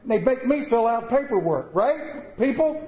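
A middle-aged man telling a personal story to an audience in a folksy, animated way. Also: a little high, moderate pace. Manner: folksy, animated, with a rural drawl in his wording. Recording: echoey room with faint ambience.

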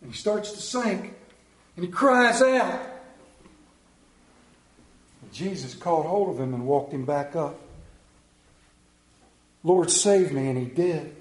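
High-voiced man preaching with dramatic swings. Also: lively intonation, a little slow, pauses often, echoey room, low-quality recording. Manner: storytelling, acting out Bible characters in voices; dramatic swings between loud high bursts and low quiet passages. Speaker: pastor. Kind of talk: sermon.

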